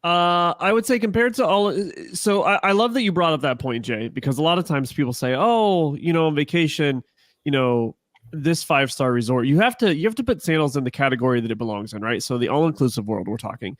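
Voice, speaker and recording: Joking, mid-pitched man from Ohio. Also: quick pace, few pauses, no room sound. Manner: joking and animated. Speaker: resort sales manager and podcast co-host. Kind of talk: casual chat as a guest.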